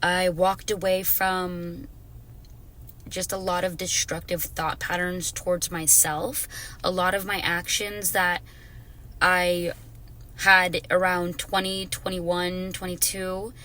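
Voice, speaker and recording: Bright-voiced young woman, casual vlog talk. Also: on the low side. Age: 20s. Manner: expressive, swears freely, bursts into singing. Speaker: vlogger. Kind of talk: casual personal monologue.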